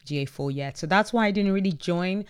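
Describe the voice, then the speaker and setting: Speaking fairly quickly in a clean, mid-range voice, a podcast host cheerfully recaps an online chat. Posts from participants get read out casually, punctuated by lots of laughs and self-corrections.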